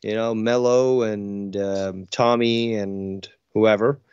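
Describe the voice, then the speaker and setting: A man's voice: on the low side, steady tone, slow, darkish tone, clear, resonant tone, no echo. Rambling, swearing man on dull dry audio. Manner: rambling, profane, hesitant restarts. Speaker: co-host. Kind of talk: casual call-in show banter.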